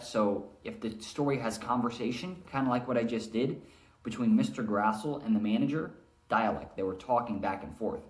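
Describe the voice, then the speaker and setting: A male teacher giving a recorded reading lesson, explaining and demonstrating how to read aloud. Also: medium pitch. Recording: echoey room.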